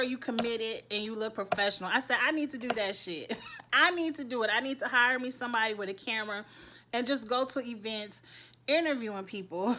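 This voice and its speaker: A woman's voice: fairly high pitch, pushed and bright. Laughing chatty woman reviewing a show. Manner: chatty, laughs often, quotes characters in funny voices. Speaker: TV recap vlogger. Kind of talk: casual episode review.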